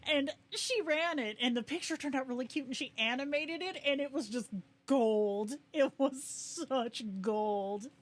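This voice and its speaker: A young adult woman hosting a casual livestream, chatting excitedly and reacting to viewers with quick asides. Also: high-pitched. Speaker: livestream host.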